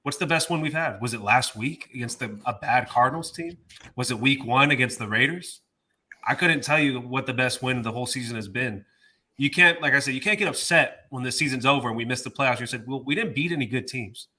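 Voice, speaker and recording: A man's voice: mid-range voice, a little fast, bright, forceful tone. A man co-hosting a sports podcast, ranting in casual chat with exasperation. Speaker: podcast co-host.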